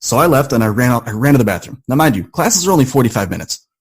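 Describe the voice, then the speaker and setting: A man guesting on a podcast, telling a personal story in an animated, conversational way. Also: mid-range voice, quick pace, slightly rough.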